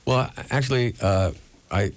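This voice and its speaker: A man's voice: mid-range voice, a little slow, dry recording. A man from New York, a radio guest, telling long rambling anecdotes and acting out the voices of people he quotes. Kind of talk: storytelling in a radio interview.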